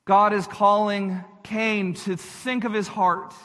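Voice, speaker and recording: A man pastor preaching an earnest sermon in a high, bright voice, repeating phrases for emphasis and turning to speak directly to his listeners. His words ring out in a church hall with a long reverb. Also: little pitch movement, takes it slowly.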